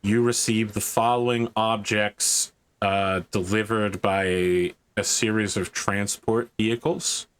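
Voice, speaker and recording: A man running a tabletop game as game master, narrating and explaining in a measured way. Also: lowish voice, steady tone, clear, resonant tone.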